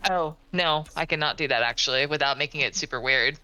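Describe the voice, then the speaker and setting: A woman's voice: low voice, a little fast, sharp tone, poor audio. A woman hosting a live game stream, chatting casually and offhandedly with friends while building, now and then swearing. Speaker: streamer host. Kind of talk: casual chat while gaming.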